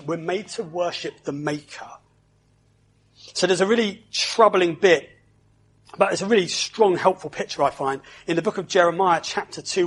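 A man's voice: high voice, husky. A man preaching a sermon, earnest and questioning, reading scripture aloud to his congregation.

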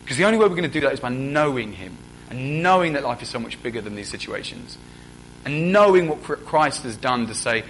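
A man's voice: medium pitch, expressive, a little fast, fairly bright tone, a little hiss or hum, low-quality recording. A young man preaching a sermon in a conversational way, often putting questions to the congregation.

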